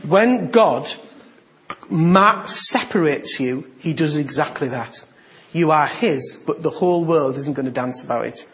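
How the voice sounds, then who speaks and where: A man preaching a sermon, telling a story and acting out the dialogue, with sudden bursts of excitement. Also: a little high, unhurried, muffled recording.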